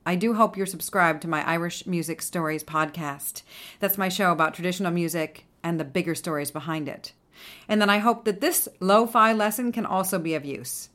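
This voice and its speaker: A woman's voice: lowish voice, a bit bright. A woman host giving a casual spoken music lesson, explaining step by step and now and then singing phrases of the tune on syllables. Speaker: music teacher and podcast host. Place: home kitchen.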